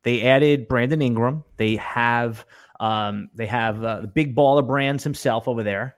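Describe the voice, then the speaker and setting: Brief: relaxed male co-host, mid pitch, dry, close sound. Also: unhurried, no echo. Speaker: podcast co-host. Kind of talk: casual fantasy sports chat.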